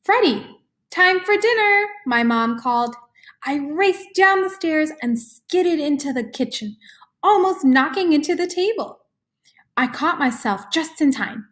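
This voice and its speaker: Woman reading a kids chapter book, lively, high voice, chats to listeners. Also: measured pace. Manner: lively, chatty asides to listeners. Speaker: reader. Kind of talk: children's book read-aloud.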